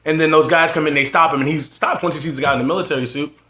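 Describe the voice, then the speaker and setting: A man arguing his point in casual podcast chat, insistent and quick to jump back in. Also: on the high side, steady tone, crowd noise. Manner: argumentative, talks fast and insists. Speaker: podcast co-host. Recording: echoey room.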